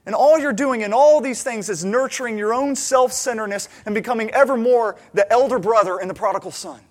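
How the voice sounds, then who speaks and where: With a very high-pitched voice and a slightly quick delivery, a pastor preaches, acting out the characters as he tells his stories.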